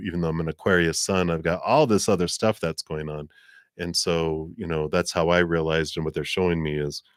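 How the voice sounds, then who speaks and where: A man's voice: deep voice, clean tone, no echo, studio quality. A man giving a live tarot and astrology reading in a rambling, conversational way with many fillers. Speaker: tarot reader.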